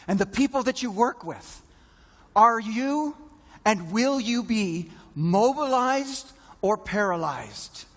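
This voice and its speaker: A man giving a motivational keynote, telling a story dramatically with long pauses. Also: sits high, animated, a bit bright. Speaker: keynote speaker. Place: stage before a large audience.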